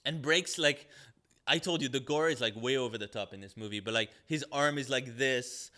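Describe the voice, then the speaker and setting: A man with a bright, forceful voice rants through a podcast movie review. He's sarcastic and swears freely, and he rambles with plenty of "like" and "um" as he goes. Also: medium pitch, normal speed. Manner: sarcastic, profane, rambling with many fillers. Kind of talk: ranting casual review.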